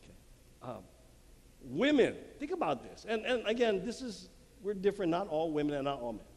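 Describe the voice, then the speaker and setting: A man with a high-sitting, darkish, sing-song voice talks fairly quickly at a marriage conference in a church hall. His lively talk to a live audience includes acted-out little quotes and laughing at his own jokes. It's captured on a handheld mic with long hall reverb and faint room noise.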